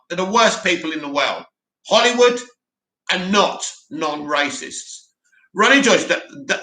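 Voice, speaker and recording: Reading through his live chat in a casual way, this stream host rambles and shares strong opinions at a quick clip. His voice is high and bright, and the recording has a roomy echo.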